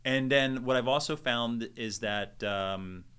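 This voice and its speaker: A middle-aged man, a stadium announcer, telling stories in a relaxed podcast interview and acting out the people he quotes. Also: mid-range voice, takes it slowly, clear, resonant tone. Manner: animated storyteller, acts out quotes. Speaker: stadium public address announcer, podcast guest. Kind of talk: casual storytelling interview.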